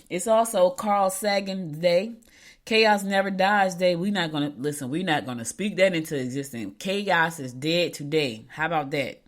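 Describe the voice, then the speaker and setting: Middle-aged lady hosting a local show, lowish voice, rambles and restarts a lot. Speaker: local radio show host. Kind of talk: casual chat.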